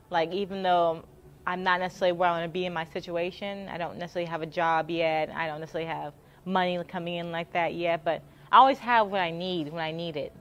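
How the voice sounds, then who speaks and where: A woman's voice: fairly low pitch, a bit bright, muffled recording. Young woman from houston, chatty, upbeat, laughs a lot, casual storytelling on a live stream.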